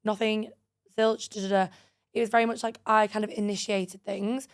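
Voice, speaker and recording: A woman's voice: mid-range voice, moderate pace, smooth. A woman in her twenties co-hosting a podcast, telling a dating story in casual chat, full of "like" and acting out what people said. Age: 20s. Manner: animated, full of "like", acts out quoted dialogue. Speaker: podcast co-host.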